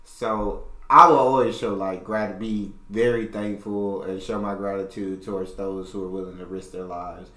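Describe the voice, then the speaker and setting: Laid-back American man, lowish voice, echoey room. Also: steady tone, normal speed, few pauses, sharp tone. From United States. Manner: laid-back, laughs often. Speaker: reaction video host. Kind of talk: casual chat.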